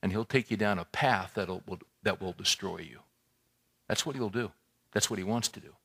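This male pastor has a low, gravelly, slightly rough voice and speaks at a moderate pace. His church sermon is conversational and animated, full of questions to the congregation and repetitions that build his point.

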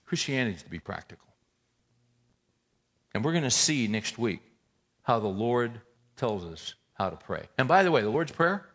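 A middle-aged man preaching a sermon in a medium-pitched voice. He talks to the congregation like a friend. He presses hard on key points, then drops to a soft, close tone. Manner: conversational, swings between loud emphatic asides and quiet intimate tones. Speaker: pastor.

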